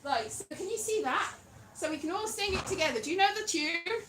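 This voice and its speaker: A woman's voice: very high-pitched, expressive, brisk, background noise. A woman from Wales doing live stand-up comedy, rambling and self-deprecating, breaking into off-key singing. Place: live venue stage. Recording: roomy live hall from a distance.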